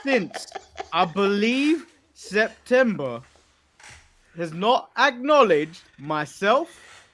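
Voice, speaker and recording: A man's voice: sits high, big pitch swings, drawn-out words, a bit bright. A man from England co-hosting a wrestling podcast in casual chat, delivering mock-serious rants. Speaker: podcast co-host.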